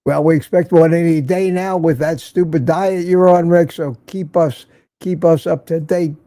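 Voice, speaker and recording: An older man with a gravelly, fairly high, mellow voice hosts a relaxed livestream from his home in Florida, speaking at a moderate pace. He greets viewers by name, reads their comments aloud, and teases them in a chatty way. The sound is dry and close, with no echo.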